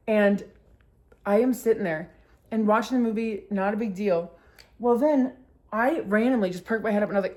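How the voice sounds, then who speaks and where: Chatty young woman telling a story. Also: a little mellow. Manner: filler-heavy with constant "like", bursts into laughter; acts out quotes with sudden high squeals. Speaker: vlogger. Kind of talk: casual storytime chat.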